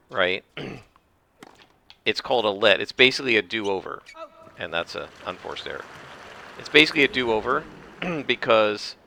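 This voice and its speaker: In casual let's-play commentary over his own tennis game, a man with a sharp-toned, mid-range voice explains the rules at length. He rambles, restarting and clearing his throat along the way.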